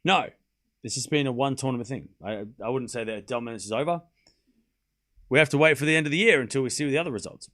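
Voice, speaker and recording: A man's voice: medium pitch, a bit bright. Man calling tennis live. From Australia. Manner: calls each shot in quick running bursts, then chats casually with viewers. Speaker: stream host and tennis commentator. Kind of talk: live play-by-play tennis commentary on a stream.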